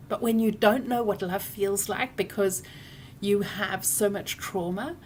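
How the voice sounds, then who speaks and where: Earnest woman coaching gently. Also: medium pitch, fairly even intonation, measured pace, a little hiss or hum. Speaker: program coach. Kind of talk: speaking directly to viewers.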